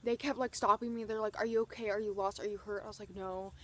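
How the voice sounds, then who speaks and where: A young woman telling an excited story to camera, gushing and peppering her talk with "like". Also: mid-range voice, fast. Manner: breathless, gushing, heavy use of "like". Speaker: vlogger.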